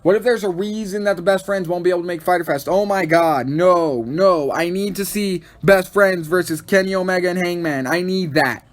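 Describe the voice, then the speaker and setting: A man hosting a podcast, casually and excitedly recapping a wrestling show and acting out the wrestlers' lines. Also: high-pitched, fairly quick, hardly any pauses. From Texas. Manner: excitable, acts out quoted wrestlers in funny voices. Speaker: podcast host.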